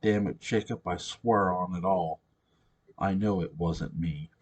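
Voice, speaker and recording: A man's voice: sits low, unhurried, slightly rough. A man voicing a nervous male fraud medium who pleads and defends himself. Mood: pleading.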